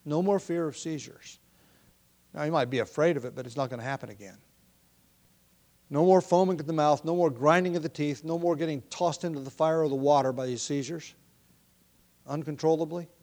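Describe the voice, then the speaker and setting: A man preaching a verse-by-verse Bible sermon in a conversational, thinking-aloud way, with frequent ums, restarts and throat clearing. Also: fairly high pitch, fairly quick, pauses often, a little mellow.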